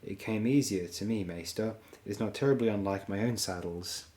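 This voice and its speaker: A man's voice: lowish voice, brisk, mellow, natural voice. A man voicing a wry, sardonic dwarf lord in a dry, courtly manner.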